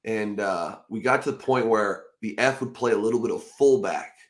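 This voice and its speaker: A man hosting a casual podcast, telling animated, profane stories and acting out quotes loudly. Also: on the low side, moderate pace. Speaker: podcast host.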